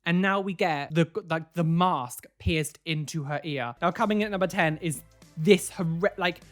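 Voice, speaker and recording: A man's voice: on the high side, moderate pace, a bit bright, soft background music. A man hosting a casual reaction video, talking in an incredulous way that is full of repeated "like" and "what", and giving preachy warnings to viewers.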